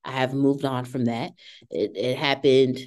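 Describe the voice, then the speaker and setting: A woman in her thirties hosting a podcast discussion, lively and acting out what others said. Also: very deep voice, unhurried. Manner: animated, acts out quoted voices. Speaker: podcast host. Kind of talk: casual group discussion.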